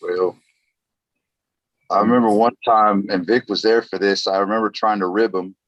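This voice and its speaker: A man's voice: fairly low pitch, normal speed, no room sound, muffled recording. Guy laughing through a backstage story, podcast guest, dry mic. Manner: animated, laughs as he tells stories. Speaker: guest, former wrestler.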